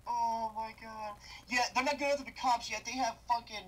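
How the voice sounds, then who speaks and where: A young man ranting as a movie reviewer, loud and exasperated, with constant swearing. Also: extremely high pitch, steady tone, a little fast, poor audio. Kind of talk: profane comedic movie rant.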